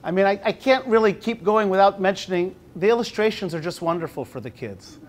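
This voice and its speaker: Casting: man, high pitch, relaxed presenter with restarts, slows for read-alouds. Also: slight background noise. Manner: conversational, with restarts; slows down when reading aloud. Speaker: teacher presenting at a university talk. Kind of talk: conference presentation.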